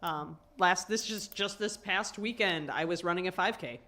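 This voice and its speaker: A woman co-hosting a casual livestream chat, talkative and quick to laugh, trailing off mid-sentence. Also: lowish voice, pushed and bright. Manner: chatty, laughs often, trails off. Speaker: livestream co-host.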